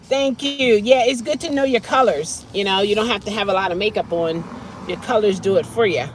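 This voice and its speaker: A woman chatting casually on a live stream from her car, animated and quick to laugh, sometimes dropping to a whisper. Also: medium pitch, slight background noise. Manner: animated, laughing often, drops to a whisper at times. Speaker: vlogger answering live chat.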